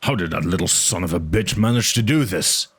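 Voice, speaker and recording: A man's voice: sits low, animated, brisk, fairly bright tone, husky, exaggerated voice. A man voicing a blunt, short-tempered middle-aged male engineer who barks orders. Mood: irritated. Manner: blunt, angry, commanding.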